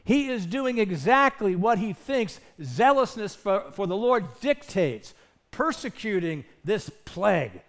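A man's voice: sits high, big pitch swings, a little slow. A man preaching a sermon as pastor, earnest and emphatic, asking his listeners rhetorical questions.

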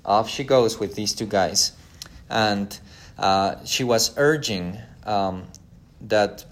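A man's voice: on the low side, slow. A man giving a history lecture: he reads an old letter aloud, then retells the story casually with acted-out quotes.

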